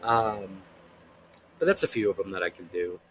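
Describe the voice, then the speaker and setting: A man's voice: sits low, sing-song, very fast, a little hiss or hum, rough recording. A young man, an author being interviewed, chatting easily and laughing often. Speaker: author guest. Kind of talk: casual interview chat.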